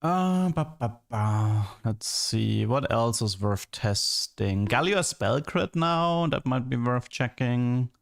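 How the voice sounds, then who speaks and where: Here a game streamer gives casual live commentary, venting with exasperation through many restarts and "like"s. His mid-range voice is slow but lively in intonation, with vocal fry and hardly any pauses.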